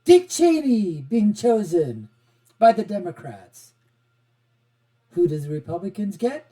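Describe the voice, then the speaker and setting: A middle-aged man hosting an online political commentary show, sarcastic and animated, with chuckling asides. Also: high-pitched, a little slow. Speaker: host.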